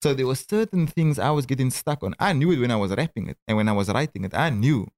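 A Cape Town rapper in his thirties, speaking with a South African accent, guests on a casual interview and tells stories, frequently stammering and restarting amid quick asides and laughs. His voice is medium in pitch, lively in intonation and a little mellow.

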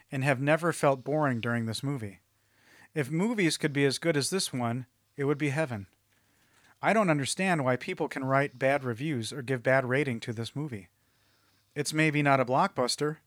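A man's voice: mid-range voice, a bit bright, no room sound, studio quality. A man co-hosting a podcast, reading out reviews in a mocking tone and cracking up along the way. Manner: mocking, breaks into laughter mid-read. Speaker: podcast co-host. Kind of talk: reading out reviews in a casual chat.

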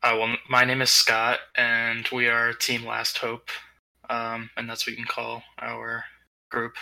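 Flat, bright-voiced hesitant man. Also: medium pitch, unhurried, vocal fry, poor audio. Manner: hesitant, unsure. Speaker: player. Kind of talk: casual role-play in character.

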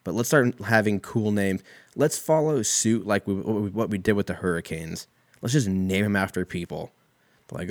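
A man's voice: lowish voice, moderate pace, dry recording. A man hosting a casual solo talk, rambling in a wry, profane way. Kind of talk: casual solo comedic rant.

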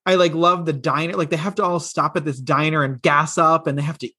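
A man's voice: fairly high pitch, steady tone, bright, forceful tone, breathy edge. Eager, gushing man in casual chat. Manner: eager and gushing, quick to agree. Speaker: podcast co-host.

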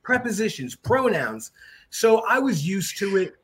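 Middle-aged male guest with a high voice, lively, joking anecdotes. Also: unhurried, a little hiss or hum. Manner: animated, jokey, mimics voices. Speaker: podcast guest, jiu-jitsu black belt. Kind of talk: casual storytelling.

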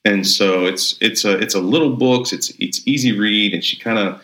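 A man's voice: lowish voice, moderate pace, pushed and bright. A man, a pastor co-hosting a podcast, chatting casually in an upbeat, rambling way with many restarts. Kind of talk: casual chat. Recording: roomy echo.

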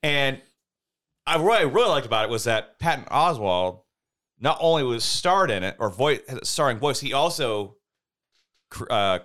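A man's voice: mid-range voice, very animated, normal speed, a bit bright. A man in casual chat, rambling with many restarts and laughing as he recalls a show.

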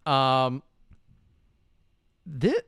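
A man's voice: mid-range voice, huge pitch swings, extremely slow, a bit bright, clean tone, no echo, studio quality. Laid-back man reviewing a movie. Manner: laid-back, musing, hedging with fillers. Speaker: podcast co-host. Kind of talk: casual movie review chat.

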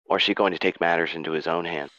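A man narrating a tabletop fantasy game as game master, in a slow, dramatic telling. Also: low voice, steady tone, pushed and bright, no echo, muffled recording.

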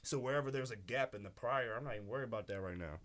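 A guest rapper from southeastern Michigan chats casually in the studio with a light lisp, his mid-range voice rapid-fire. He's animated and profane, getting loud whenever he gets excited.

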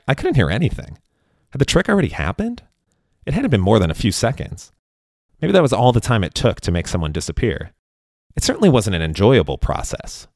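A man narrating a first-person story in a wry, deadpan way. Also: fairly low pitch, no room sound, studio quality.

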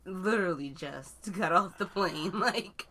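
A congested woman co-hosts a relaxed podcast chat, laughing easily and chiming in with short agreements. Her voice is very low for a woman. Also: measured pace. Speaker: podcast co-host.

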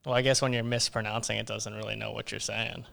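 A man's voice: on the low side, level tone, fast, gravelly, fairly bright tone. A man co-hosting a podcast in casual chat, dry and teasing as he corrects his co-host.

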